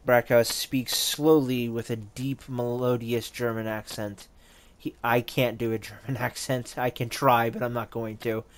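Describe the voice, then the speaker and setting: A man's voice: medium pitch, little pitch movement, a little slow. Male tabletop GM, casual narration, mid-range voice. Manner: casual and self-deprecating asides. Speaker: game master.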